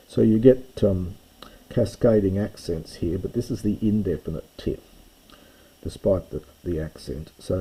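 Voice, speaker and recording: A man's voice: sits low, dark tone, husky, poor audio. A man teaching a close reading of an ancient text, thinking aloud with hesitations and self-corrections. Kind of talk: unscripted close-reading lesson.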